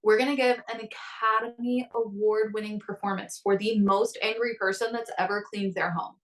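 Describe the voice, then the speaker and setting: A woman's voice: mid-range voice, fairly even intonation, normal speed, recorded from a distance, rough recording. A woman in her thirties in a casual podcast conversation, telling stories animatedly and acting out her own inner voices. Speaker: guest coach.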